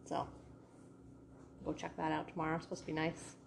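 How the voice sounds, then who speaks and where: A woman's voice: sits low, monotone, a little fast, vocal fry, slight background noise. A woman with a New England accent chatting casually in a vlog, rambling with many restarts and fillers. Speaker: vlogger. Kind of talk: casual chat. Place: rented house indoors.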